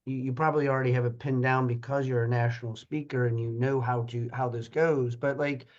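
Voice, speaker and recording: A man's voice: medium pitch, little pitch movement, brisk, lo-fi sound. A man hosting a podcast, asking a guest questions in a rambling, casual way while searching for words. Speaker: podcast host.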